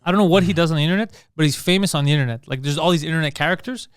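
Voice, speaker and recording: A man's voice: a little high, rapid-fire, smooth, no room sound, clean studio sound. A man co-hosting a comedy podcast, telling crude stories in casual banter. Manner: crude, animated storytelling with acted quotes. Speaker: podcast co-host.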